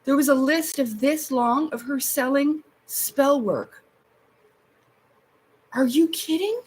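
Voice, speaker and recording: A woman's voice: sits high, takes it slowly, darkish tone, low-quality recording. A woman hosting a casual livestream, chatting while she paints, rambling, swearing and exasperated, upset and close to tears. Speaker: livestream host.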